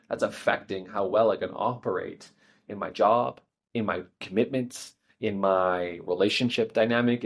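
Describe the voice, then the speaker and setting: A man with a low, deep voice speaks candidly and reflectively, telling a personal story as a relationship coach. His solo podcast monologue is unscripted and self-deprecating.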